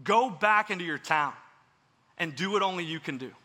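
Bright-voiced man preaching in an echoing hall. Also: high-pitched, lively intonation, moderate pace. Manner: casual and earnest, many filler words. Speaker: pastor. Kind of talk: conversational sermon. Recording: long hall reverb.

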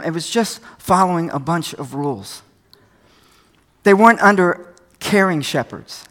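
An older man with a fairly high voice gives a sermon. His delivery is folksy and conversational, mixing stories from home with scripture. He sounds a little tired. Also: a bit bright. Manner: folksy, conversational preaching with anecdotes. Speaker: pastor.

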